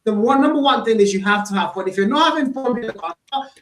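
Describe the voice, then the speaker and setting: A man's voice: very high-pitched, lively intonation, fast, a bit bright, roomy sound. A man co-hosting a casual gaming podcast, laid-back and teasing, often repeating his words. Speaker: caster and podcast co-host.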